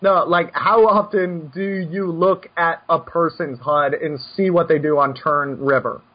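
Brash, husky-voiced poker coach. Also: male voice, fairly high pitch, unhurried, dull audio. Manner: brash, animated, self-mocking rants. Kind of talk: casual podcast chat.

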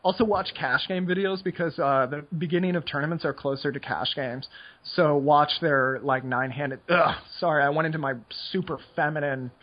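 Rambling husky-voiced young man. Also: a little high, a little fast, hardly any pauses, muffled recording. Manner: rambling, filler-heavy with frequent "like". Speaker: poker player. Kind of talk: casual podcast chat.

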